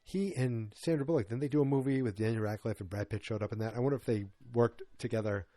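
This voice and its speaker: A man's voice: medium pitch, quick pace, dark tone, dry recording, clean studio sound. A man hosting a solo movie podcast, talking casually and rambling with many restarts and asides. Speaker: podcast host.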